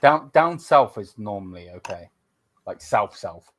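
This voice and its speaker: A young man in a casual podcast chat, teasing and swearing, quick to laugh. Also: fairly low pitch, lively intonation.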